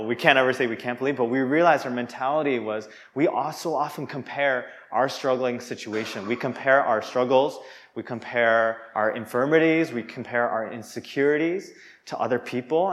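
A young man preaching a sermon in an earnest, conversational way, often restarting his sentences. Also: medium pitch.

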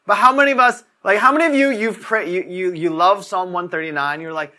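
This young preacher's voice sits high and sounds pushed and bright, moving a little fast with few pauses. His sermon is casual and conversational, built on storytelling and full of the word "like."

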